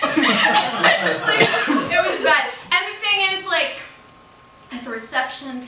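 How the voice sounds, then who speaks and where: A woman comedian performing stand-up on a club stage, casual and profane, jumping from quick asides to loud laughing bursts. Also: high-pitched, big pitch swings, noisy background. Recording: roomy live club sound, heard from a distance.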